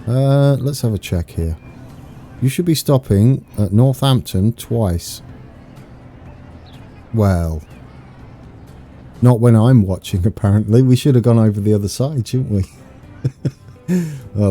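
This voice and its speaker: A British man giving excitable, chatty live gameplay commentary, talking to his viewers as he plays. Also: fairly low pitch, a little slow, long pauses, faint music behind. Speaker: game streamer.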